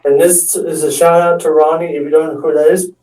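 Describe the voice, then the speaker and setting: A man's voice: on the high side, flat delivery, a little fast, dark tone. A man telling a rambling comic story about his friends, with restarts and acting out what others said. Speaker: amateur stand-up storyteller. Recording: echoey room, mic far off.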